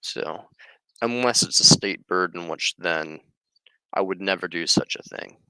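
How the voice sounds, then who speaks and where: A man's voice: sits low, a little slow, sharp tone, smooth, no echo, poor audio. A young man talking in a rambling, offhand and profane casual monologue. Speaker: streamer.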